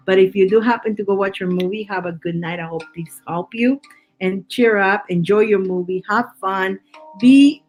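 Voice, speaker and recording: Woman reading tarot on a live stream, comforting, rambly, lots of restarts, soft music under her. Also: mid-range voice. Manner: reassuring, chatty, many restarts and repeated words. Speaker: tarot reader.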